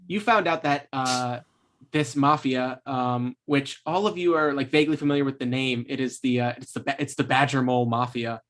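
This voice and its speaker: A man runs a tabletop game on a stream and recaps the story so far. He talks in a loose, meandering way at an ordinary pitch, pausing to hunt for words and laughing now and then. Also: a bit bright, slight background noise. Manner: rambling, searching for words, laughing often. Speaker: game master. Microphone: streaming microphone.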